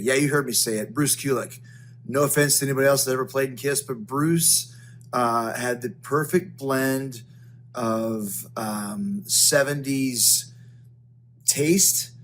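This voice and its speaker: A man's voice: mid-range voice, a little hiss or hum. A man giving a casual video tribute, talking loosely with frequent ums and uhs. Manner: relaxed, many ums and uhs.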